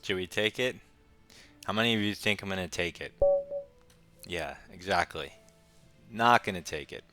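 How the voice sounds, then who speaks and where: Brief: young man, very low bright voice, casual muttered game commentary, light music behind. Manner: quick, muttering play-by-play with wry asides. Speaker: chess streamer.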